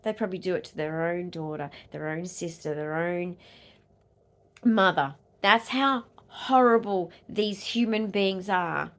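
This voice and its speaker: An Australian woman, a vlogger and advocate, is in the middle of an angry rant, swearing hard. She swings between loud outbursts and low muttering, and her pace is a little slow.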